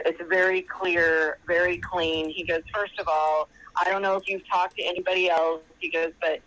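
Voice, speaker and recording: The caller's voice is on the low side and fairly bright, heard over a rough phone line with a little hiss or hum. She chats while relaying a long exchange, repeating what others said at great length.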